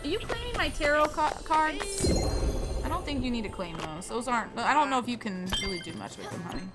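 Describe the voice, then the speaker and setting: Live-streaming a video game with its music playing behind her, a woman chats casually and gets sidetracked easily, drifting into high baby talk with her cat. She sounds animated and brisk.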